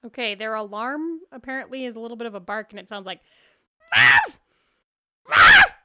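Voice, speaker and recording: A woman's voice: fairly high pitch, fast, a bit bright, smooth. A woman hosting a tabletop role-play podcast as game master, chatty and laughing often as she narrates the scene.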